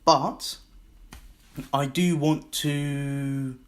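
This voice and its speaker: A man's voice: a little high, steady tone, extremely slow. A man with a Scottish accent hosting his own podcast, rambling and self-mocking in a casual solo monologue. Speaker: podcast host.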